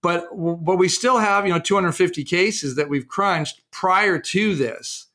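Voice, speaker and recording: A man with a fairly high voice talks as an interview guest about his research. He tells case stories in a halting way, with many restarts and fillers, and acts out the people he quotes. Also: pushed and bright.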